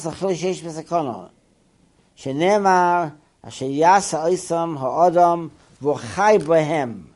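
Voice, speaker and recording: Male Torah teacher, lively up-and-down delivery, peppers English with Hebrew terms. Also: on the high side. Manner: animated, asks the listeners rhetorical questions. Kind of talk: Torah class lecture.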